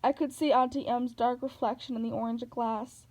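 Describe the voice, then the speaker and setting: A woman narrating a novel aloud in a steady, plain reading manner. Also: on the high side, moderate pace, low-quality recording.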